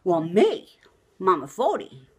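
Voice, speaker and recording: A woman's voice: fairly low pitch, huge pitch swings, takes it slowly, a little mellow, husky. A middle-aged woman delivering a brash, gossipy comic monologue to the camera, asking the listener outraged questions. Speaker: vlogger telling the news.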